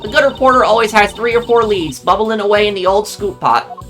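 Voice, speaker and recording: A man's voice: high-pitched, brisk, sharp tone, faint music behind, voice pushed up. A man voicing a brash Southern woman newspaper reporter, with a put-on American Southern accent and folksy slang. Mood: teasing.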